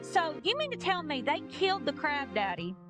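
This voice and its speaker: A woman's voice: high-pitched, wildly swooping pitch, normal speed, over music. A woman co-hosting a podcast, recapping episodes in a rambling, casual way full of "like" and "you know.". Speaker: podcast co-host. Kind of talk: casual chat.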